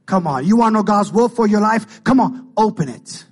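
Pastor in his fifties, husky and high-voiced, fervent sermon over soft music. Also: animated, moderate pace. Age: 50s. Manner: impassioned, call-and-response preaching.

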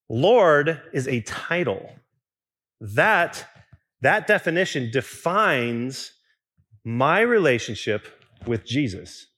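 A young man preaching in a loose, talky way, full of restarts and little asides. His pitch moves a lot as he goes, rising and falling. The tone is mid-height and easy. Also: husky. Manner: conversational and animated, with restarts and asides. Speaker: pastor. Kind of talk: sermon.

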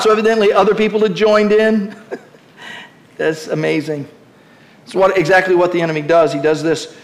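High-voiced preaching man, impassioned. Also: a little fast. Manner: impassioned preaching, rising to shouts. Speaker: pastor. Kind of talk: sermon.

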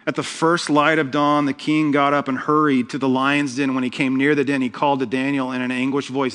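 A man preaching a sermon as pastor, telling the story with humor and lively asides. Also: fairly high pitch, normal speed.

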